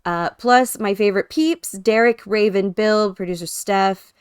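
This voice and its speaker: A woman's voice: mid-range voice, unhurried, clean tone, dry recording. Casting: female podcast host, chatty and giggly, dry close mic. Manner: giggly, chatty, reads chat comments. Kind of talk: casual chat.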